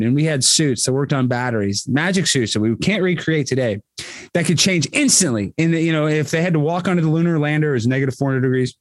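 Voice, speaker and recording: A man rambles through a casual podcast chat, leaning hard on his points and leaping upward in pitch as he gets heated. His voice sits a touch high for a man. The sound is dry and close, with no room around it. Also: expressive, fast talker, dry recording. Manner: rambling, emphatic, swings pitch widely when worked up. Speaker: podcast guest.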